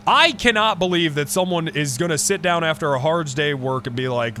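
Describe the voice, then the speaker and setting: A man streaming live, chatting casually with an excitable, profane manner and mock-outraged outbursts. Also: fairly high pitch, fairly quick, slight background noise.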